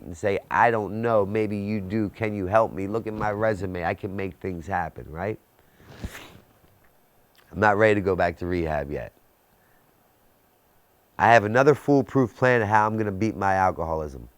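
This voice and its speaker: A man's voice: lowish voice, no echo. A man in his thirties giving an intense personal testimony about addiction and recovery, building his story with rhetorical questions. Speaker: recovery speaker.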